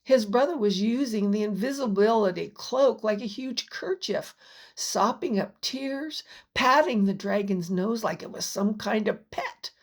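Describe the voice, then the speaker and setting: A woman reading her own children's fantasy story aloud as an audiobook. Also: medium pitch. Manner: slow, unhurried storytelling. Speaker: author and narrator. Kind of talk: audiobook narration.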